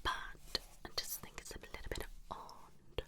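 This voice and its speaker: A woman acting a blunt, dismissive psychologist in a whispered role-play, talking in a soft, breathy, rambling way. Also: on the low side, animated, moderate pace, a little hiss or hum. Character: blunt unprofessional female psychologist. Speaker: ASMR creator.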